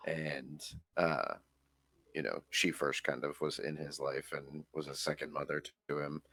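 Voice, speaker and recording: A man at a tabletop game, speaking haltingly as his character and then describing what the character does. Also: extremely low pitch, vocal fry, pushed and bright, no room sound. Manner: hesitant, halting, full of sighs and restarts. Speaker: player. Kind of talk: in-character role-play and table talk.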